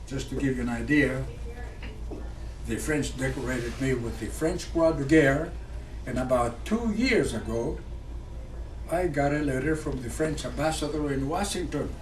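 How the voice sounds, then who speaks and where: A man's voice: medium pitch, a little hiss or hum. Man in his nineties. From Greece. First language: Greek. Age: 90s. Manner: halting, with many fillers and restarts, earnest and patriotic. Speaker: guest speaker, retired fighter pilot. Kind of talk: speech to an audience. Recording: echoey room picked up from far off.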